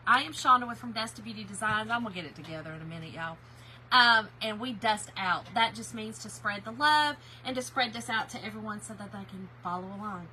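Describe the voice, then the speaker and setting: A woman's voice: medium pitch, a little fast, sharp tone, a little hiss or hum. A woman hosting a casual craft livestream, chatting and greeting viewers by name.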